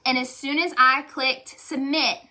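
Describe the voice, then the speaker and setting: Young woman talking to camera, high voice, super candid and chatty, gets emotional. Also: steady tone, a little slow, sharp tone. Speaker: direct sales leader. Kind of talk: motivational testimonial.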